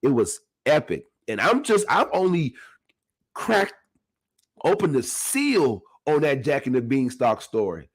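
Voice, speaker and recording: Man, podcast host, casual motivational talk, animated, frequent laughter, addresses listeners directly. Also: mid-range voice, unhurried, breathy edge. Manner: animated, laughs often, talks straight to the audience.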